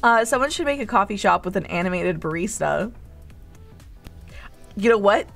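A woman's voice: medium pitch, animated, moderate pace, creaky, fairly bright tone, faint music behind. A woman streamer hosting a cozy barista role-play, reading chat aloud in a teasing, playfully motherly way. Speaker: VTuber streamer, host.

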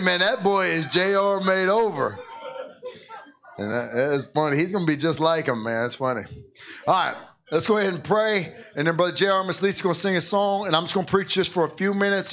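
A man's voice: on the high side, fairly bright tone. A pastor leading a church service with children, playful and joking, often laughing as he talks. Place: church in Philadelphia.

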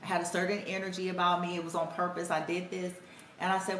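A woman's voice: lowish voice, level tone, fast, a bit bright, far from the mic, slight background noise. A woman telling a reflective, conversational story about her parenting, quoting her son and herself as she goes. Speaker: spiritual healer and parent vlogger. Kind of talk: casual storytelling monologue. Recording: echoey room, somewhat off-mic, faint ambience.

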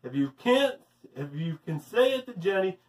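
A man voicing a brisk, strict woman schoolteacher who scolds and gives orders. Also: sits high, sing-song, darkish tone. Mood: scolding. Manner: scolding, commanding. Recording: roomy, distant mic.

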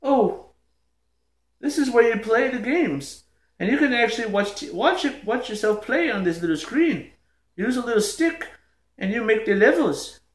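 A man's voice: very high voice, expressive, normal speed. A man voicing a cheerful, boastful modern video game plumber in a homemade toy skit, upbeat and showing off. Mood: eager. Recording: echoey room.

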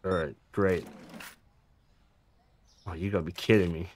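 A man's voice: low voice, steady tone, unhurried, darkish tone, a little hiss or hum. A man casually commenting on his gameplay, chatty and jokey, swearing now and then and making asides to his viewers. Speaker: gaming streamer.

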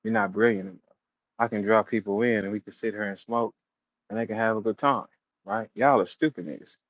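A man's voice: lowish voice, steady tone, brisk, dry recording, lo-fi sound. A man hosting a battle rap audio room, telling stories and taunting a rival in a profane, casual rant. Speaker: battle rap show host.

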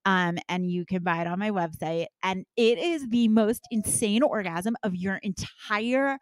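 A middle-aged woman talks candidly in a podcast interview, her voice sitting in an ordinary middle register. She tells stories with lively, animated swings between hushed asides and loud bursts. The recording is dry and close, with no room sound. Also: mid-range voice, measured pace, no echo. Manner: frank, animated storyteller with big swings. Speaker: guest, intimacy business owner.

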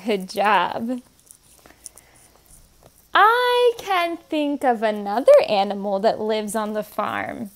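At children's story time, a young woman coaxes toddlers to repeat simple words, sounding them out letter by letter in a sing-song manner. Her mid-range voice is a bit bright with lively intonation, and she speaks slowly with long pauses.

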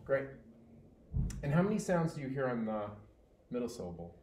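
A man's voice: mid-range voice, moderate pace, a little hiss or hum. Patient male tutor in a roomy space. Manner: patient, encouraging, steady praise. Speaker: teacher. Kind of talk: one-on-one reading tutoring. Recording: roomy with faint ambience.

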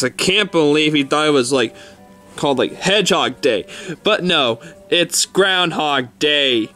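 A man's voice: medium pitch, sharp tone. A man voicing Mario as a short-tempered plumber who rants and swears when angry. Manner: exasperated, swearing, ranting. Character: Mario, short-tempered adult male plumber, easily enraged. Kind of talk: toy stop-motion fan skit voice.

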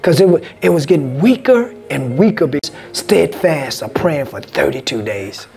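Male pastor, preaching in a church, pitch rising and falling widely, call-and-response delivery. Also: animated, normal speed, creaky, a little mellow, faint music behind. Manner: call-and-response, asks congregation "Amen?". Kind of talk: sermon. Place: church sanctuary.

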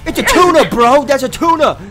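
A man voicing an excitable young fisherman with a Boston accent, shrieking high and frantic. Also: fairly quick. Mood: freaking out.

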